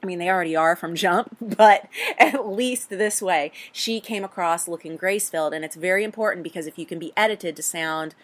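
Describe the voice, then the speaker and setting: A woman hosting an advice show for actors, talking in a blunt, animated way with mild swearing. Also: lowish voice, brisk. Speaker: host; casting coach. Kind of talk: advice talk.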